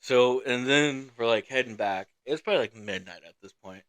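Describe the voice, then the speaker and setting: A man's voice: medium pitch, moderate pace, fairly bright tone. Laid-back profane young man telling a story. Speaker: podcast co-host. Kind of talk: casual storytelling.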